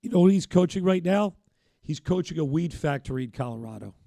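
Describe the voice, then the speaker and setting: A man co-hosts a live sports talk stream and keeps the conversation on track with measured remarks and dry quips. His voice is a touch high. The recording is close and dry. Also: animated, gravelly, mellow, dry recording. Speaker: sports talk show co-host.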